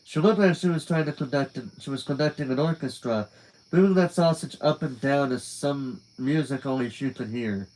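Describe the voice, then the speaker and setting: A man with a medium-pitched, darkish voice reads a novel at a moderate pace during a live stream, recorded at low quality. He's casual and conversational, trailing off at the ends of phrases and turning aside to talk with his chat.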